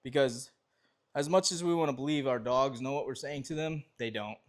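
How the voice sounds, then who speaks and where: A man with a light drawl talks through dog obedience training in a loose, easygoing way. He rambles a little, trips over his own sentences and picks them back up as he demonstrates. His voice sits at an ordinary, middle pitch for a man. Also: normal speed. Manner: relaxed, rambling explanations with restarts and fillers.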